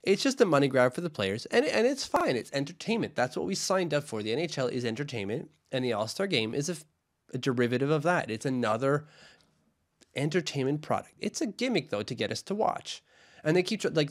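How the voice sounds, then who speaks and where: A man's voice: on the high side, big pitch swings, a little fast. A young man co-hosting a casual hockey podcast, chatty and enthusiastic, often repeating himself. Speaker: podcast co-host. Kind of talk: casual chat.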